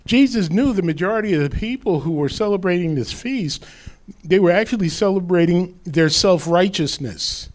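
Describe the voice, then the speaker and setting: A man's voice: sits high, animated, moderate pace. A man preaching a sermon as pastor, quoting scripture with rising emphasis.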